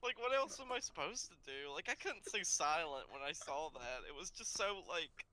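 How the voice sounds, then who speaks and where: A woman co-hosting a podcast, chatting casually with enthusiastic, expressive delivery. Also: low-pitched, normal speed, low-quality recording. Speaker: podcast co-host. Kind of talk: casual chat.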